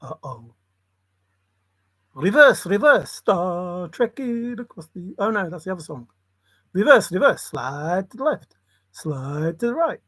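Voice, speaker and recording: A man's voice: sits high, sing-song, measured pace, long pauses, fairly bright tone, no echo. A man rambling in a solo monologue, muttering to himself and breaking into sudden exclamations. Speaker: channel host.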